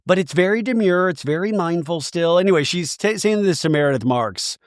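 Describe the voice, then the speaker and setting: Animated man doing a jokey TV recap. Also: high voice, a little fast, no room sound, clean studio sound. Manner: animated, jokey, acts out quotes. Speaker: podcast host. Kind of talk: comedic reality TV recap.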